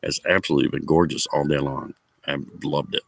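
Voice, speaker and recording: A man's voice: very deep voice, steady tone, fairly quick, vocal fry, rough recording. A man chatting casually with viewers outdoors at a picnic table, telling a rambling story and chuckling often. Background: faint outdoor ambience, dogs nearby.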